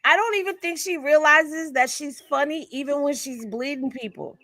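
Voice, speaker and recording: A woman's voice: sits high, normal speed, bright, forceful tone, no room sound. A woman hosting a casual gossip commentary, chatty and sassy, laughing as she reacts to clips. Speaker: commentary host.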